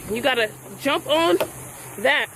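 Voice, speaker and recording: A high-voiced woman talks in a slangy, excitable way to her handheld camera as she walks around an outdoor playground. Loud outdoor ambience fills the background. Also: measured pace. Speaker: vlogger. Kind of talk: casual vlog chat. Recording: outdoor noise behind.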